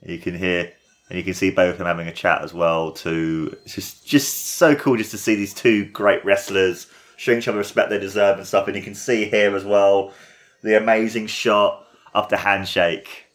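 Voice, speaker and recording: A man hosting a casual podcast, talking viewers through a match he loves with excitable, gushing commentary full of "like" and "you know". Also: sits low, moderate pace. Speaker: podcast host.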